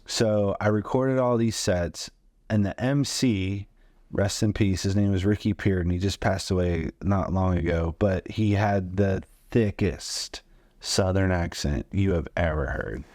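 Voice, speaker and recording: A comedian in his forties spins loose, rambling anecdotes, full of "uh" and "like". His voice sits very low, and the sound is close and dry, with no room in it. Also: steady tone, a little slow, a little mellow, no echo. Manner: loose, rambling, many fillers. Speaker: guest comedian. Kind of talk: casual storytelling.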